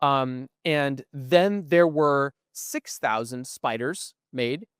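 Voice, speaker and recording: Young guy rambling on a podcast, keeps going "right?", smooth clean voice, dry sound. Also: medium pitch, slow, no room sound. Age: young adult. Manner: explains at length, often adds "right?". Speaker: podcast co-host. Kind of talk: casual chat. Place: museum.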